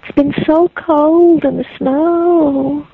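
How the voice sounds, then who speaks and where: A woman voicing a cold, ghostly small child who pleads in a slow, drawn-out way. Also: high-pitched, steady tone, vocal fry, voice pushed up, full character voice. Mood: mournful. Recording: dry, phone-like lo-fi recording.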